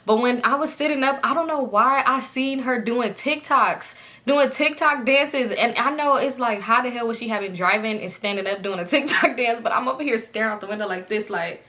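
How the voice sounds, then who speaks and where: A young woman vlogger casually telling a story straight to her viewers, animated and chatty. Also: on the high side, brisk.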